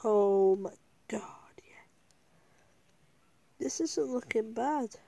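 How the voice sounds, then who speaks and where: A woman giving casual, chatty gameplay commentary as a gaming vlogger, thinking aloud and getting excitable. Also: on the high side, extremely slow, creaky, no room sound.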